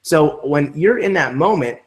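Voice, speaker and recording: A man leading a live online training session for network marketers, talking in an energetic, emphatic coaching way. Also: a little high, a little slow.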